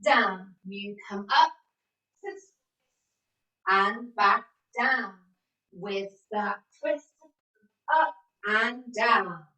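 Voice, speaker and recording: Speaking extremely slowly with long pauses, a woman instructor runs a video-call exercise class, encouraging everyone and counting the moves. Her mid-range voice is bright and forceful, though the mic is distant and the room echoes.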